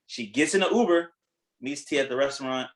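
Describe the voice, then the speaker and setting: Animated man retelling a story. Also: medium pitch, a little fast, low-quality recording. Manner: animated storytelling, acting out quotes; blunt, swears freely. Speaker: podcast host. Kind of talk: casual chat recapping a reality show.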